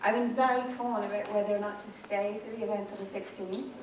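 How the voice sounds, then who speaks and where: A woman's voice: medium pitch, steady tone, fast talker. A woman emotionally and earnestly sharing a personal story with a group, overwhelmed. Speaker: participant sharing. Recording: echoey room, far from mic, crowd and noise.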